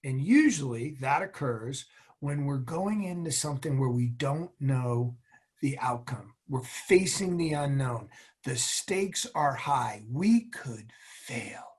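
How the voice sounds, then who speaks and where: A man's voice: medium pitch, animated, takes it slowly, a little mellow, breathy edge. Earnest middle-aged man telling motivational stories. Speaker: guest, former military officer and executive. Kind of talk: interview conversation.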